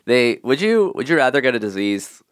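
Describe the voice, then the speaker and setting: A man's voice: medium pitch, sing-song, fairly quick, clean tone, no room sound, studio quality. A man co-hosting a podcast, chatting casually and playfully, laughing often and teasing his co-host. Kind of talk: casual comedic chat.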